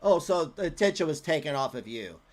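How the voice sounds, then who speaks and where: Sarcastic, lively-voiced male streamer. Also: fairly high pitch, brisk. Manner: mocking, sarcastic, profane. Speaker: streamer reacting to a clip.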